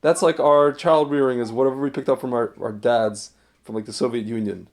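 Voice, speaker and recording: A man's voice: medium pitch, fairly even intonation, brisk. A man co-hosting a casual podcast over an online call, laid-back and full of murmured agreement. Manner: laid-back, lots of backchannel "mm-hmm". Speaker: podcast co-host. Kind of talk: casual chat. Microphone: online call with cheap mic.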